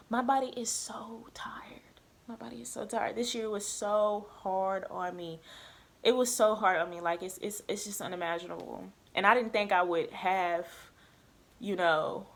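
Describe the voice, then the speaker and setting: A young woman, a nursing student chatting candidly and with a lot of swearing as she tells her story. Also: medium pitch. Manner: candid, profane, animated retelling. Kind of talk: casual storytelling chat.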